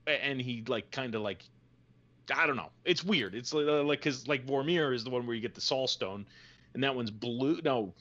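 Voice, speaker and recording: A man's voice: medium pitch, normal speed, fairly bright tone. Rambling jokey man, slightly dull sound. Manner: rambling, jokey, full of fillers. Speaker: podcast co-host. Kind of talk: casual chat.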